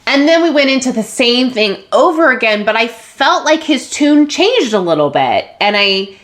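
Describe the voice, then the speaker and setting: A woman podcast host candidly telling a personal story, open and emotional, with restarts and soft laughs. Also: a little high, sing-song, moderate pace.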